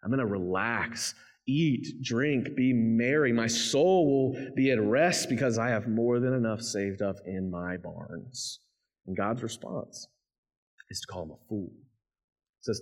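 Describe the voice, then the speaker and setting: A man's voice: fairly low pitch, lively intonation, measured pace. A man preaching a sermon, reading scripture and then explaining it in a conversational, emphatic way. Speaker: pastor.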